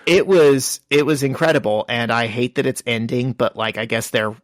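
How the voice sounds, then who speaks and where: A man's voice: mid-range voice, normal speed, dry recording, clean studio sound. A man co-hosting a podcast in casual chat, rambling enthusiastically with lots of filler words. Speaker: podcast co-host.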